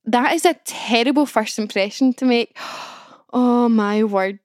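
A woman's voice: fairly high pitch, unhurried, no echo, studio quality. Chatty young woman podcaster. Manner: chatty, peppered with "like", self-mocking. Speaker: podcast host. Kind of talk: casual storytelling monologue.

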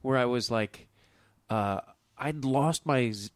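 A man's voice: medium pitch, slow, no echo, studio quality. A man, a comedian, talking candidly and with swearing on a podcast while stuffed up with a cold. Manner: candid, profane. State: stuffy nose. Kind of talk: casual podcast chat.

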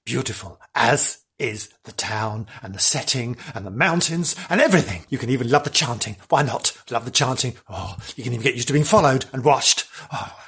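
A male podcast host spinning a mock-spooky comic tale with theatrical, drawn-out delivery. His voice is husky and breathy in a middle-pitched register. He slips into laughing asides between his dramatic lines. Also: expressive, pushed and bright.

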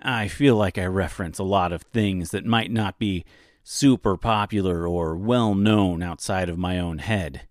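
Man, podcast commentary, wry, self-deprecating, unhurried, dry close sound. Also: sits low, no room sound. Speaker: audiobook podcast host.

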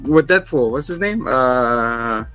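Bright-voiced man recapping a show. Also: medium pitch, expressive, slow pace, soft background music. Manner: jokey, acts out scenes in voices, swears. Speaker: podcast co-host. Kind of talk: casual recap chat.

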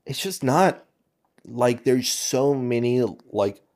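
A man's voice: mid-range voice, animated, slow, darkish tone. Male podcast co-host, laid-back, dry reactions, casual book-club talk.

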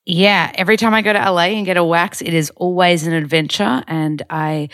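A woman's voice: on the low side, steady tone, fairly quick, fairly bright tone, dry recording, studio quality. A young Australian woman in casual vlog chat, chatty and rambling with lots of fillers. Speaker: vlogger.

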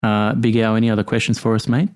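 Bantering man hosting a podcast, lower voice. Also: level tone, fast talker, a little mellow, smooth. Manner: friendly, banters and laughs easily. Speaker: podcast host. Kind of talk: casual call-in chat.

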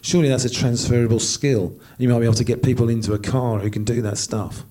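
A man's voice: medium pitch, steady tone, fast talker, warm tone. A man in the audience asking a long question, hesitating and restarting as he goes.

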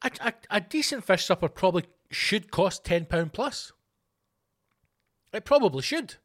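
A man's voice: sits high, animated, normal speed, a bit bright. Sweary Scottish man ranting. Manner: reads news items aloud and riffs on them. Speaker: podcast host. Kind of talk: ranting podcast monologue.

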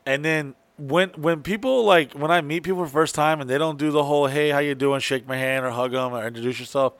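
A man's voice: on the high side, a little fast, fairly bright tone, no echo. A man telling a long profane story in casual chat, rambling and acting out what he said at the time. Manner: profane, rambling, acts out his own lines.

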